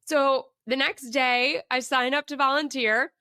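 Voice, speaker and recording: A woman hosting her own podcast, telling a personal story in an animated, emphatic way and asking the listener reflective questions. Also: sits high, measured pace, smooth, no echo, studio quality. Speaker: podcast host.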